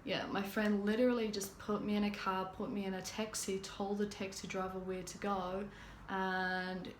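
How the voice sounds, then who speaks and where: A young New Zealand woman vlogs a personal story in casual talk, rambling with many fillers and restarts. Her mid-range voice shows little pitch movement at a moderate pace, recorded in an echoey room with slight background noise.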